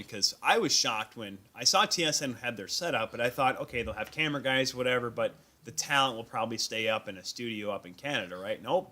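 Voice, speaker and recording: A man hosting a live sports talk stream, telling animated, self-deprecating stories about his encounters at an event. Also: mid-range voice. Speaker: host. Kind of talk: casual sports chat. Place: remote stream call.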